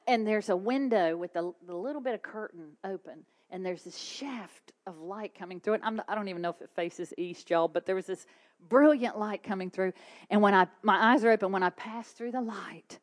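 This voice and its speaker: A woman preaches from her own story. She tells it dramatically, often sinking to a hushed whisper. Her pitch sits in the middle of the female range. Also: brisk. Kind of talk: testimony preaching.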